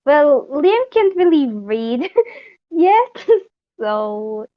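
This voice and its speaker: A woman's voice: sits high, sing-song, very slow, muffled recording. A woman playing a tabletop game, chatting casually and giggling through her lines. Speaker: player.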